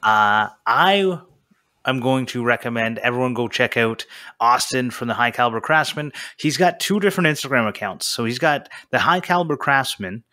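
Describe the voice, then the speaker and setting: A man hosts a casual podcast in a bright, forceful voice. He talks loosely, trailing off with fillers and throwaway asides. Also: medium pitch, moderate pace. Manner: relaxed, chatty, trails off with fillers. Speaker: podcast host. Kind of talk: casual chat.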